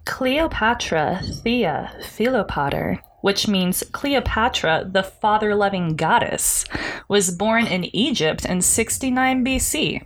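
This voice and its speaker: A woman's voice: mid-range voice, expressive, slow, slight background noise. A woman co-hosting a casual history gossip podcast, chatty and giggly as she tells the story. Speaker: podcast co-host. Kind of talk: casual chat.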